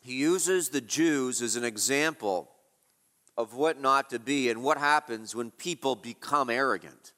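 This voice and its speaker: A man's voice: medium pitch, a little slow, bright, forceful tone, big-room sound. A man preaching an expository sermon, emphatic and rhetorical, asking questions and repeating key phrases.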